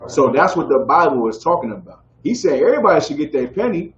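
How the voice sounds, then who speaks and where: A man leads a scripture class in a preaching style, very animated and quick, drawing call-and-response from the group and repeatedly asking "y'all with me?" The audio is roomy, dull, and low-fi, with faint background noise.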